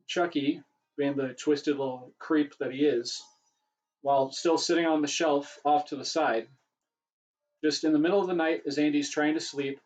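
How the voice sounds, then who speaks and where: A man's voice: a little high, low-quality recording. A man hosting a casual livestream Q&A, rambling and correcting himself, his voice getting worn. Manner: rambling, self-correcting, chatty. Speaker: livestream host answering questions.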